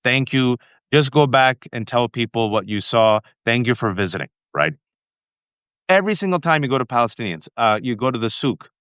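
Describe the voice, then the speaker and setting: A man's voice: medium pitch, moderate pace, clear, resonant tone, dry recording. An American man hosting an interview, telling an anecdote and acting out the voices he quotes. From United States. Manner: animated storyteller, acting out quotes. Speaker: host. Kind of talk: casual interview chat.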